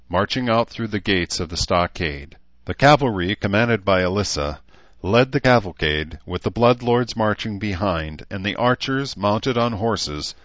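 A man reading an audiobook in an even, measured way. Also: low-pitched, no echo, highs cut off. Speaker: audiobook narrator. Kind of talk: scripted narration.

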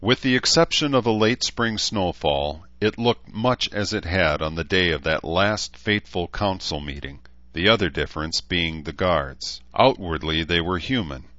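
Deep-voiced man narrating a novel. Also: moderate pace, a bit bright, dry recording, dull audio. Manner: acts out characters' lines with raised pitch and force. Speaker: audiobook narrator. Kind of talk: scripted narration.

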